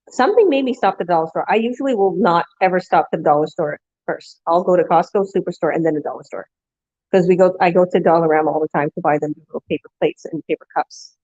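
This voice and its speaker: With a lowish, darkish voice and the highs cut off in the recording, a woman vlogger tells a long, meandering story. She restarts along the way and acts out what others said.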